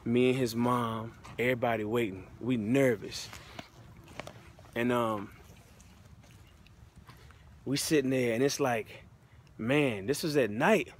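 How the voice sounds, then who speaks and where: Slowly and with frequent pauses, an American motivational speaker shares his own story in a mid-range voice. His manner is heartfelt and informal, full of loose slang, and there's slight background noise.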